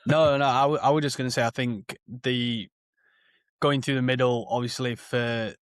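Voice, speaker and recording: A man's voice: mid-range voice, fairly even intonation, moderate pace, smooth, no echo, clean studio sound. Easygoing man chatting about football. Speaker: podcast co-host. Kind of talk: casual football chat.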